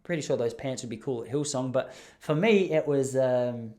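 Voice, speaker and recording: Young Aussie host, casual yarn-spinner, self-mocking, many restarts. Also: male voice, medium pitch, moderate pace, darkish tone. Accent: Australian. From Traralgon, Gippsland, Australia. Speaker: podcast host. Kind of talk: casual storytelling.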